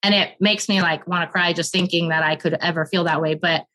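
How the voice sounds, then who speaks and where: A woman in her thirties, a podcast guest, earnestly telling a candid personal story and rushing through the emotional parts. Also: on the low side, steady tone, pushed and bright, low-quality recording.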